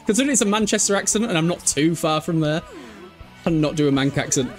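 A young man chats through a live game stream, swearing freely and laughing a lot. His fairly high voice swings up and down with animated energy. Faint music sits behind him. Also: fast. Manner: chatty, sweary, laughs often, reads chat aloud. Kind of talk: casual live game commentary.

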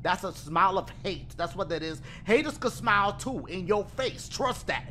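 A man giving profane game commentary, loud and excitable, swinging between shouts and low mutters. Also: moderate pace, a little hiss or hum. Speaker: gaming YouTuber. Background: game music.

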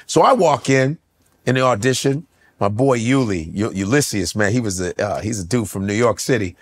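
A middle-aged comedian from the United States, telling stories as a podcast guest with loud, profane energy. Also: male voice, lowish voice, normal speed, slightly rough. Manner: profane, loud, jumps into impressions. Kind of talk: animated comedic storytelling. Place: podcast studio.

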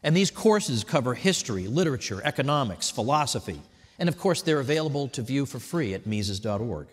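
A man giving a prepared tribute speech at an event, telling stories in a wry, animated way. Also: medium pitch, a little fast, husky, in a large hall. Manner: wry, animated storytelling with mock voices. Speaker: speaker at an institute event. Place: hotel event hall.

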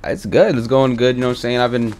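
A man's voice: medium pitch, level tone, fast, a little mellow, a little hiss or hum. A man chatting casually while playing a comic game role-play, rambling in slang with lots of fillers. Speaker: gaming content creator.

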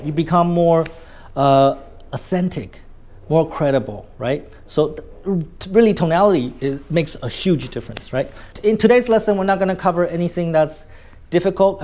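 A man's voice: a little high, expressive, moderate pace, a little mellow. A man with a Vietnamese accent teaching a spoken lesson on tone of voice, stretching out key words for emphasis and tagging many sentences with "right?". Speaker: communication coach.

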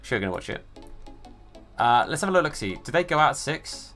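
A man's voice: mid-range voice, big pitch swings, fast talker, sharp tone, faint music behind. A man streaming a football video game, chatting casually with viewers and greeting them by name. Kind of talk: live gaming stream chat.

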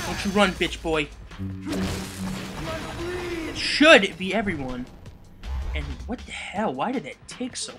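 A man giving casual let's play commentary, swearing and shouting at enemies as he plays. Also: sits high. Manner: swears and yells at enemies, loud angry outbursts. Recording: game music behind the voice. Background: video game music.

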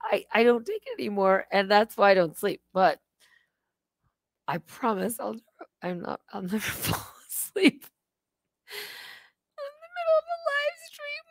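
A woman's voice: mid-range voice, wildly swooping pitch, a little slow, long pauses, dry recording. Chatty self-mocking woman streamer. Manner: rambling, self-mocking, laughs often. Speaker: livestream host. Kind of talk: casual livestream chat.

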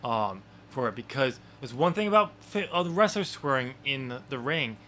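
A man's voice: mid-range voice, big pitch swings, moderate pace, sharp tone, a little hiss or hum. A man co-hosting a wrestling podcast, talking casually and rambling with many fillers and restarts. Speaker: podcast co-host.

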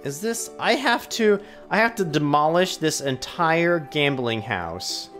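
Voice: mid-range voice, lively intonation, slow, fairly bright tone, soft background music. A let's play host doing gaming commentary, ranting at the game and talking to it as if it were a person.

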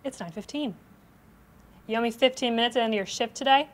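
A woman playing a brisk, stern office boss. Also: on the high side, natural voice. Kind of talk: comedy audio drama acting.

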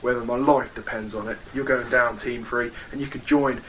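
A young man with an English accent taunts a rival in a swaggering, foul-mouthed wrestling promo. The recording is dull and lo-fi, with faint background noise, like an old home video. His voice sits at an ordinary middle pitch. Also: steady tone, brisk. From England. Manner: boastful, taunting, profane. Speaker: backyard wrestler cutting a promo. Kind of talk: trash-talking wrestling promo.

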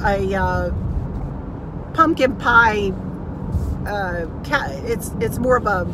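A woman telling a family story to her viewers in a casual chat, acting out what people said. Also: medium pitch. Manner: chatty, storytelling, acts out quotes. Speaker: craft channel vlogger. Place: inside a car. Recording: noisy car interior. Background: car and road noise.

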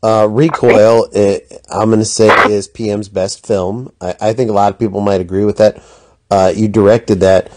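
A male interview host with a low, mellow voice, asking relaxed questions. He drops casual opinions between them. The sound is dry. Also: normal speed, no room sound. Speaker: podcast host.

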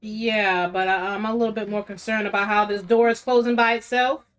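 A woman's voice: medium pitch, steady tone, a little fast, a bit bright, clear, resonant tone. A woman streamer giving casual, chatty commentary while playing a video game. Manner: chatty, talks to viewers. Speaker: gaming streamer.

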